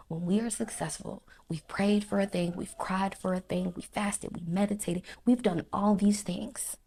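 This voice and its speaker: A woman's voice: mid-range voice, steady tone, a little slow, few pauses, a little mellow, slight background noise. A woman in a faith vlog reflecting on peace in a preaching cadence, with lists and repetitions and frequent drops to a near whisper. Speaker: faith vlogger. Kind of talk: heartfelt spiritual reflection.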